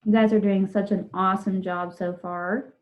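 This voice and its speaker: A woman's voice: mid-range voice, level tone. Patient woman teacher on a lo-fi call. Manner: slow, drawn-out dictation of words; patient, encouraging. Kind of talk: online spelling lesson. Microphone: video call. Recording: dull lo-fi video call audio.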